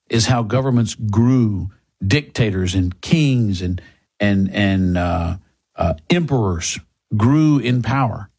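Husky guy ranting sarcastically about politics, mocking tone. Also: medium pitch, darkish tone. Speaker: political commentary host. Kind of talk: opinion monologue.

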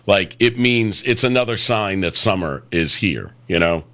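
Deep-voiced chatty radio host man. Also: lively intonation, moderate pace, a bit bright. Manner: chatty, laughs easily, repeats phone number. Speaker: radio talk show host. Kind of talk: call-in radio talk.

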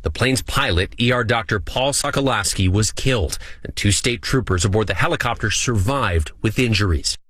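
A man correspondent delivering a steady, serious scripted news report. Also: fairly low pitch, moderate pace, hardly any pauses, no room sound, studio quality. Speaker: network correspondent.

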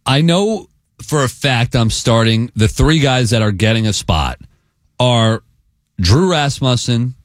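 A man's voice: mid-range voice, expressive, slow pace, dry recording, clean studio sound. A man co-hosting a sports radio show, chatting in an easygoing, joking way with some stammered restarts. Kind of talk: casual sports radio talk.

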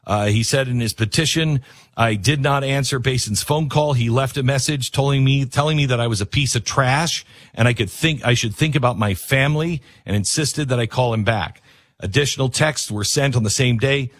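A male commentator talks through news stories in a casual, sarcastic way, slipping into animated voices for the people he quotes. His voice is slightly husky and sits at a middle pitch. The recording is dry and close. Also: normal speed, dry recording.

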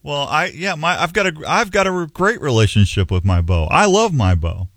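A man's voice: a little high, very animated, normal speed, fairly bright tone, dry recording, studio quality. A middle-aged man hosting a show in a rambling, folksy, self-mocking way. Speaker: radio show host. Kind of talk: casual on-air chat.

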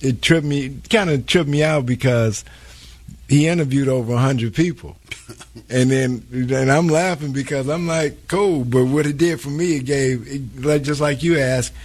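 A man's voice: mid-range voice, normal speed, husky. A man who is a guest and former pro basketball player, talking in a laid-back, slangy way and telling stories as he goes. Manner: laid-back, slangy, "you know what I'm saying". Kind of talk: casual interview chat.

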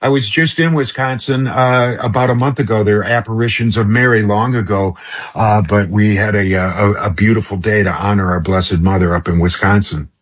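A man's voice: on the low side, fairly even intonation, brisk, husky. A middle-aged man guesting on a talk radio show, effusive and rambling, often restarting his sentences. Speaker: radio guest, former radio host.

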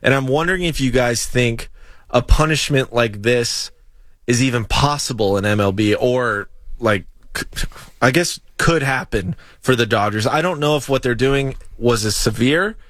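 A man's voice: mid-range voice, fairly bright tone, no room sound. Male co-host, casual sports banter, stop-start delivery, teasing, dry close recording. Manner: halting, restarts often, teasing. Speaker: podcast co-host.

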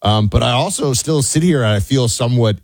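A man's voice: mid-range voice, fairly quick, no room sound. A man hosting a talk radio show, chatting casually and reading a sponsor spot. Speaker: radio host. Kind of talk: talk radio chat and live read ad.

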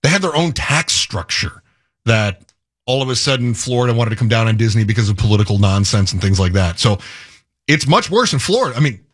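Man on a radio show cracking jokes, kinda husky, voice goes all over the place. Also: mid-range voice, sing-song. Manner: joking, quick asides, laughs often. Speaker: radio co-host. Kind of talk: casual talk radio banter.

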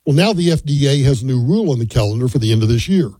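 A man's voice: mid-range voice, expressive, rapid-fire, dark tone, no echo, low-quality recording. An older man hosting a talk radio show, giving folksy, opinionated commentary.

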